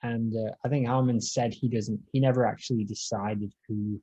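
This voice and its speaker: A man co-hosting a podcast, chatting casually and reading out scene descriptions in a dry, deadpan way. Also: on the low side, normal speed, slightly rough, poor audio. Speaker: podcast co-host.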